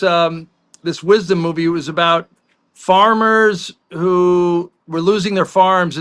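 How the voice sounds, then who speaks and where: Guy on a sports podcast, kinda high bright voice, rambling story mode. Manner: chatty anecdotal storyteller, quick asides. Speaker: podcast co-host. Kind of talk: casual sports talk.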